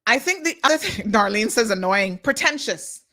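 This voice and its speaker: An outspoken woman hosts unscripted live commentary, talking straight to her viewers. Her voice sits a little high and sounds bright and forceful. She is emphatic and reads viewer comments as she goes. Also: expressive, normal speed. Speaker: host of a talk show.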